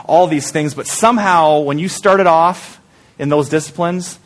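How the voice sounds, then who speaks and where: Male pastor, conversational sermon, slightly high pitch, rhetorical questions to the room. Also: unhurried.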